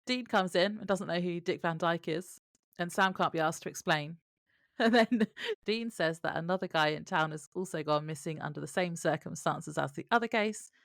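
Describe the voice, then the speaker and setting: A woman with a fairly low voice co-hosts a podcast, reading from her notes about a TV episode. She laughs easily as she talks. The sound is dry, with no room echo. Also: moderate pace, creaky. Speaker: podcast co-host. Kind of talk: casual chat recapping a TV episode.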